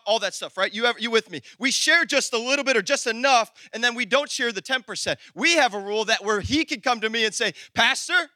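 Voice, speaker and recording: A man preaching a sermon as pastor, animated, calling out to the congregation, then dropping into low conversational asides. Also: no room sound, studio quality. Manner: talks to the congregation directly, conversational.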